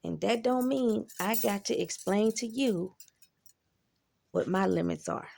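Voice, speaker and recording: A woman speaks in an unhurried, gravelly voice with a mid-range pitch. She is blunt and profane in a casual monologue. She reflects on lessons from her own life. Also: a little mellow, a little hiss or hum. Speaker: vlogger.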